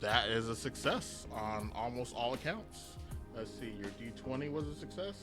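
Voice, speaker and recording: A man narrating a tabletop game as game master, rambling along with frequent hesitations. His voice sits at a middling pitch, and music plays clearly in the background. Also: normal speed. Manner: rambling, lots of uh fillers and restarts.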